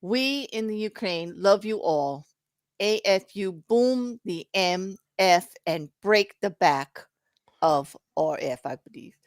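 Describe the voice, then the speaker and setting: A woman's voice: medium pitch, animated, slow, no echo. South African woman, co-host, reads donations, laughs easily, dry close sound. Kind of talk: casual live-stream chat.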